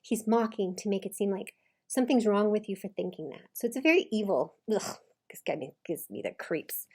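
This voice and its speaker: A woman talks through a clip she is reacting to, in a casual, chatty way. She keeps repeating the lines she hears and picks them apart with lively emphasis. Her voice sits at an ordinary middle pitch. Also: a little fast, breathy edge. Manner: animated, quotes lines back with emphasis. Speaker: commentator reacting to a video.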